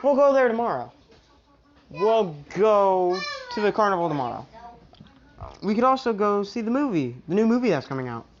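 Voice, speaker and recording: A woman's voice: mid-range voice, very animated, moderate pace, lo-fi sound, noisy background, natural voice. A woman voicing an earnest, shy teenage boy hero in a homemade fan story, in a loose, offhand way.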